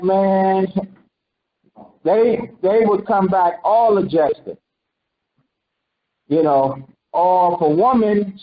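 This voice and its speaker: A man with a notably high voice teaches scripture in a loose, conversational sermon, tossing questions to his listeners and slipping into quoted voices. The recording is dull and lo-fi. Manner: animated, quizzes listeners and acts out quotes. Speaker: preacher teaching a congregation.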